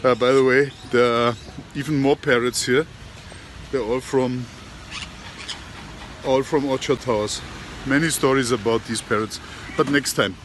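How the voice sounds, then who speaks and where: Man vlogger, mid-pitched, chatty and halting; outdoor camera sound with faint noise behind. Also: steady tone, a bit bright. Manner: halting, repeats and restarts words. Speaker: vlogger telling a joke. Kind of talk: casual storytelling to camera. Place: outdoors at an industrial estate. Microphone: handheld camera.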